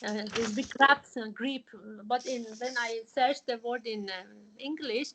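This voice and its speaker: A woman, teaching a religious studies class over a video call and explaining patiently in a halting way, full of fillers. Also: a little high, bright, forceful tone, rough recording.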